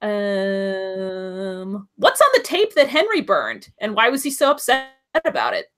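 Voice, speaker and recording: A woman's voice: medium pitch, measured pace, soft background music. A woman co-hosting a live podcast, chatting casually and asking lots of questions. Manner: animated, asks lots of questions. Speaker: podcast co-host.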